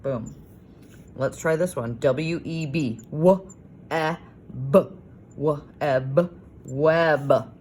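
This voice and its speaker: Low-voiced woman teaching young children. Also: warm tone, a little hiss or hum. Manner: slow, sing-song sounding out of letters and words; encouraging, praising. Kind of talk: recorded homework lesson for young children.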